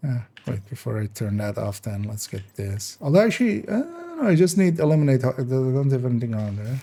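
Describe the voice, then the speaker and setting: A man's voice: medium pitch, big pitch swings, fairly quick, warm tone, a little hiss or hum. A man streaming a game live, in casual commentary, thinking aloud hesitantly as he works through numbers.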